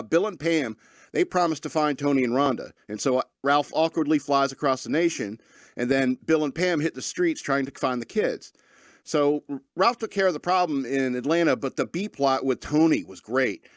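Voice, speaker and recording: A man hosting a comedy radio show, rambling through his monologue with plenty of fillers and restarts. His voice is mid-pitched and ordinary. The sound is dry and close. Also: expressive, normal speed, dry recording.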